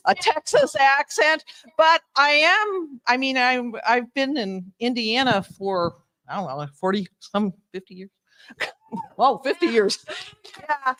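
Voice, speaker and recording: An older woman giving an informal speech at an awards ceremony. She speaks haltingly, jokes at her own expense and laughs between phrases. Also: mid-range voice, a bit bright, poor audio. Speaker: award presenter. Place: live awards event.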